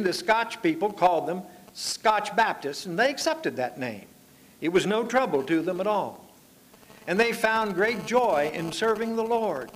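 An older man preaching a sermon, telling stories in an unhurried, folksy way and drawing out his phrases. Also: high voice, fairly bright tone, slight background noise. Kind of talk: sermon with anecdotes.

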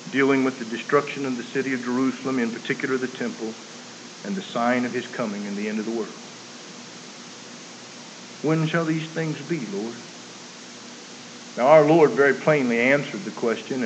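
A man preaching a sermon, emphatic, moving between loud declaiming and quiet earnest appeals. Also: medium pitch. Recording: muffled, hissy recording.

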